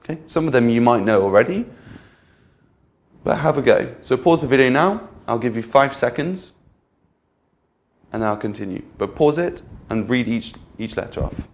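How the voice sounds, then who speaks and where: A man teaching English pronunciation in a clear, patient lesson, repeating example words and checking in with the learner. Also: mid-range voice, expressive, moderate pace. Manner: patient, repeats each example word twice; addresses the learner directly with frequent "okay?". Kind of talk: slow, clear instructional lesson.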